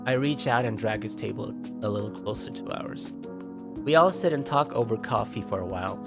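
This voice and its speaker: A man streaming himself reading a visual novel aloud, expressive, with sudden yelps and laughs. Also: lowish voice, a little fast, gravelly. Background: game music.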